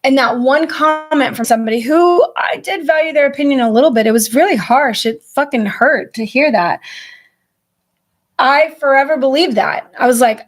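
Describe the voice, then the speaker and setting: A woman co-hosting a podcast in casual chat, animated and candid, often chiming in with quick agreement. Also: high-pitched. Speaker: podcast co-host.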